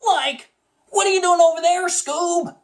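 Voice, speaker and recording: Shaggy, a cracking high cartoon slacker. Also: male voice, measured pace, echoey room. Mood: goofy, dreamy. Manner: drawling "like, man" slang, jittery and cracking. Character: lanky scaredy-cat cartoon slacker, young man, always hungry.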